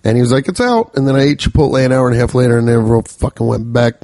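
A man's voice: medium pitch, flat delivery, fast, a little mellow, no echo. Profane, rambling male podcast host. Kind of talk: casual comedic storytelling.

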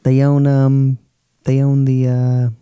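A man's voice: medium pitch, completely flat delivery, slow, mellow, clear, resonant tone, no room sound, clean studio sound. A man co-hosting a podcast, chatting casually in a laid-back way, often trailing off and calling his friend dude. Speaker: podcast co-host. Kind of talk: casual chat.

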